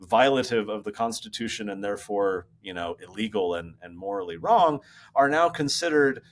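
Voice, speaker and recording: A man speaking as a guest over a laptop video call from his office, explaining ideas in an animated, storytelling way. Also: lowish voice, moderate pace. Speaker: guest author. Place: home office.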